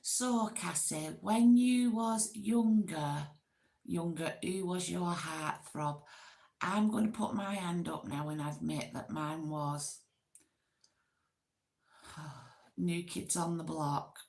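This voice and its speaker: A woman chats casually with her viewers in a slow, unhurried way. Her voice is gravelly and sits a little low. She rambles and giggles at herself. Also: a little mellow. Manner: chatty, giggly, rambling, self-deprecating. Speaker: livestream host.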